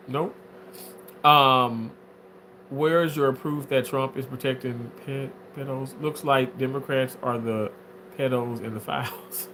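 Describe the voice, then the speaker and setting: A livestreamer reading viewer comments in casual chat, drawling with many fillers and swinging into shrill, theatrical mock wailing. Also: steady tone, slow pace, bright, forceful tone, slight background noise. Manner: drawling, filler-heavy talk. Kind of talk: casual live-stream chat.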